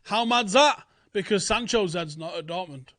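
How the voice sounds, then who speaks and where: A man's voice: high voice, moderate pace, a bit bright, dry recording, studio quality. A young man, hosting casual football transfer talk, blunt, sweary and often incredulous. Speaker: football channel host.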